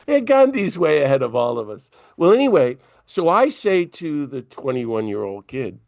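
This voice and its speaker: A man's voice: on the high side, normal speed, vocal fry, hardly any pauses, no room sound. A man, a priest, telling a story as an interview guest and acting out the dialogue with energy. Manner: animated storyteller who acts out dialogue. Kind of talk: conversational storytelling.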